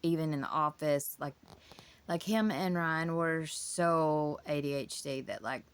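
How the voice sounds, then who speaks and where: A woman's voice: deep voice, a little slow, clear, resonant tone. A woman, telling her family story in a casual, emotional, rambling way. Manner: emotional, rambling with many restarts.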